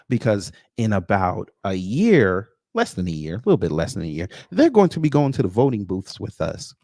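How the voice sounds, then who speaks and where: A man's voice: deep voice, sing-song, normal speed, darkish tone, no echo, clean studio sound. A man hosting a livestream, reading viewer names and commenting with a sarcastic, mocking edge. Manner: sarcastic, greets chat viewers by name. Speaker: livestream host.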